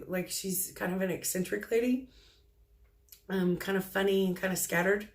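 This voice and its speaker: Her voice is medium-pitched with fairly even intonation as she, a middle-aged psychic medium, relays messages from spirits. She speaks softly and hesitantly, stopping and restarting often.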